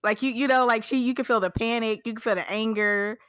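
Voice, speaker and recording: A woman's voice: a little high, fairly even intonation, quick pace, a bit bright, smooth, no room sound. A woman co-hosting a podcast, chatting casually and enthusiastically agreeing about a TV episode. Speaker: podcast co-host. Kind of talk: casual chat.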